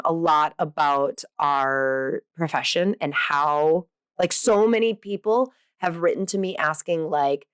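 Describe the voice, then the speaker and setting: A woman's voice: low voice, clear, resonant tone, no room sound, studio quality. A woman hosting a podcast in a casual monologue, chatty and playful, poking fun at herself and filling gaps with lots of "um" and "like". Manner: chatty and self-deprecating, with many fillers; bubbly, playful asides. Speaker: podcast host.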